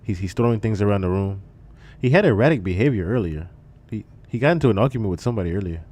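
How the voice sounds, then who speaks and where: A man voicing a male hotel manager calmly reporting trouble on an emergency phone call, in a flat, subdued and unhurried way. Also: lowish voice, pitched below the performer's own voice. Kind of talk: livestream impression.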